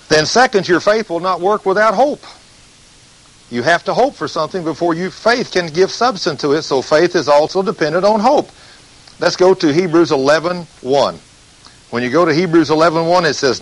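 A man preaching a sermon, reading scripture slowly and telling stories with emphasis. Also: a little high, big pitch swings, rough recording.

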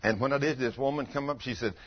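Older preacher guy telling stories, husky voice, kinda dull lo-fi recording. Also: mid-range voice, quick pace. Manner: homespun, animated, breaks into loud acted quotes. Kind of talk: folksy sermon with storytelling. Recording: dull lo-fi sound.

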